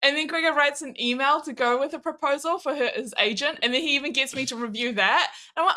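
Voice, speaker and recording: A woman's voice: high voice, fast, hardly any pauses, sharp tone. A woman joining her partner's stream, teasing him with playful sarcasm in casual banter. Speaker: streamer's partner, fellow creator.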